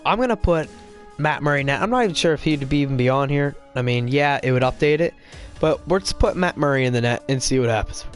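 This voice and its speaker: A young man hosting a casual hockey live stream, chatting to viewers in a quick, rambling way while playing a video game. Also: medium pitch. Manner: rambling, quick, with fillers and restarts. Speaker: podcast host live streaming.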